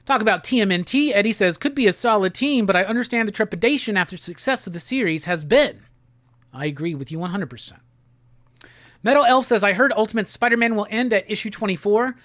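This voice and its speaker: A man hosting a casual live stream. He talks in a laid-back, slangy way and reads viewer comments aloud in quick bursts. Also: high-pitched, a bit bright, dry recording. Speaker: livestream host. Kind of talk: casual livestream chat, reading viewer comments.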